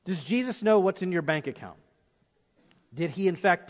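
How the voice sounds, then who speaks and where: A middle-aged pastor delivers an impassioned sermon in a high, light male voice. He swings between urgent preaching and hushed prayer. Long reverb from a big church auditorium trails after his words. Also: lively intonation, moderate pace, pauses often.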